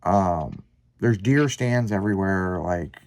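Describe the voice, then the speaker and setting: A man hosting a podcast, telling a long story in casual, profanity-laced chat with lively, rambling delivery. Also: low-pitched, slow pace. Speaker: podcast host.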